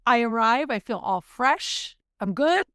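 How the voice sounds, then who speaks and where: Speaking a little slowly with lively intonation, a woman co-hosting a podcast reflects candidly and emotionally during an easygoing chat. Her fairly high, smooth, slightly bright voice comes through in a dry, studio-quality recording.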